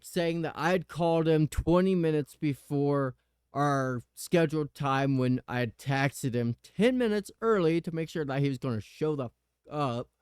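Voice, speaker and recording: A man hosting a podcast, telling a personal story in a casual, animated way with the odd curse word. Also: on the high side, smooth, no room sound, studio quality. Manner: animated retelling, swearing. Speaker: podcast host.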